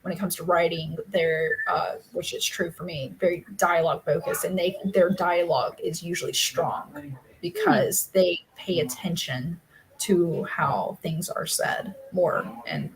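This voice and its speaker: A woman's voice: lowish voice, expressive, a little slow, slight background noise, low-quality recording. A woman co-hosting a casual live writing stream from home. She chats freely, laughs often and breaks off to scold her dogs. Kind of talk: casual chat.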